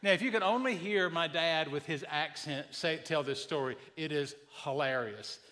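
Male pastor, 50s, folksy humorous storyteller with a bright, slightly high voice. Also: normal speed. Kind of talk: sermon.

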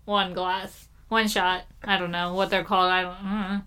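A woman's voice: on the low side, level tone, normal speed, sharp tone, clear, resonant tone. A young woman co-hosting a podcast in casual chat, rambling with lots of fillers and laughing often. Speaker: podcast co-host.

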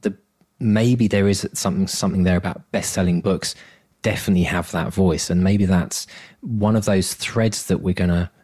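A man's voice: sits low, steady tone, normal speed, darkish tone. A man co-hosting a podcast, chatty and teasing, who likes to tell stories in casual conversation. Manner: chatty and teasing, prone to storytelling. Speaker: podcast co-host.

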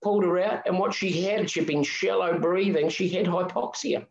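A man's voice: sits high, normal speed, echoey room, lo-fi sound. A middle-aged man, a marathon swimming guest telling an emotional story in a podcast interview. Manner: animated, emotional storytelling with restarts.

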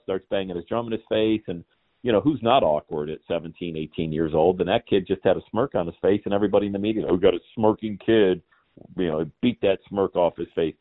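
A man in his forties, a podcast guest, ranting in an animated, scornful way in casual chat. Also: on the low side, quick pace, dry recording. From Cincinnati area, Ohio. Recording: tinny phone-like line.

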